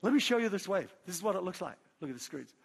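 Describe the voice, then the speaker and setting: A middle-aged man, a pastor telling a lively story in a sermon, acting out his own shouts and quotes. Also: sits high, quick pace, creaky, husky. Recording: long hall reverb.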